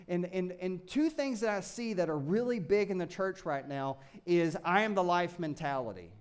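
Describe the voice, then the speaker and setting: A man preaching a sermon as a pastor, animated, swinging from shouted excitement to quiet asides. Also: high-pitched, normal speed, smooth.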